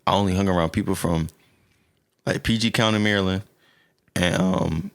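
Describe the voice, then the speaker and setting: A man's voice: low voice, moderate pace, smooth. A man on a podcast panel, talking in a loose, slangy way full of restarts and fillers. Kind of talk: casual chat.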